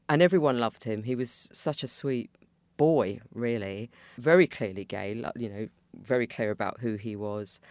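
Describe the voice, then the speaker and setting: A man's voice: lowish voice, dry recording. Reflective middle-aged man, dry close sound. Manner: reflective, warm remembering with hesitant restarts. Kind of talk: personal testimony.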